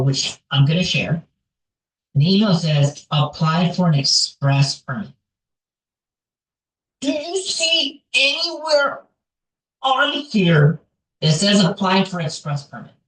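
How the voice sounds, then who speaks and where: A vlogger talking casually while walking through a website on screen, rambling and tossing in "like" and "right?" a lot. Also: medium pitch. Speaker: real estate investor vlogger. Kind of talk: casual screen walkthrough vlog. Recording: echoey room, voice far from mic.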